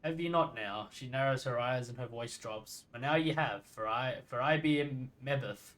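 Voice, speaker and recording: A man's voice: mid-range voice, moderate pace, fairly bright tone, close to an everyday voice, poor audio. A man reading out a sly grumpy old midwife. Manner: folksy archaic talk, reads lines aloud. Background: game music.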